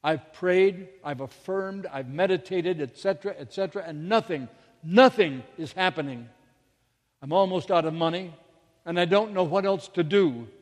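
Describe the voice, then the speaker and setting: A man's voice: high-pitched, normal speed, in a large hall, close to an everyday voice. A man voicing a desperate single mother who prays in a raised, urgent, pleading voice.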